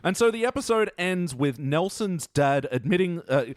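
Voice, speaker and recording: A man hosting a casual podcast discussion, wry and dry, steering the talk with quick sarcastic asides. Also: on the high side, lively intonation, no echo. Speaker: podcast host.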